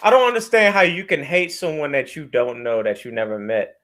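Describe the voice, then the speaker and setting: A brisk, slightly high-pitched man co-hosts a podcast in relaxed banter. He jokes a lot, is animated, and laughs without much prompting.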